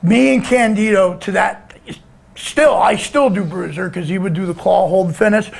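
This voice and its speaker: A man telling a rambling, profane story in a casual way, breaking into shouts now and then. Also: high voice, normal speed, vocal fry. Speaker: guest storyteller.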